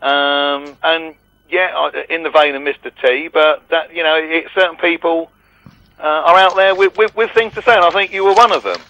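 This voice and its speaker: A man with a bright, forceful, slightly high voice calls in to a radio phone-in. He rambles and trips over his words in a casual way. The sound is dry, with no room echo. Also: steady tone, normal speed, dull audio. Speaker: caller.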